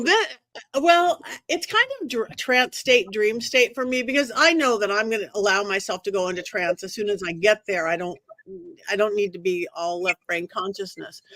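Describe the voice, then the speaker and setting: Expressive woman telling a story. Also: medium pitch, normal speed, no room sound. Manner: expressive, acts out quoted voices. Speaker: guest medium. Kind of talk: animated storytelling.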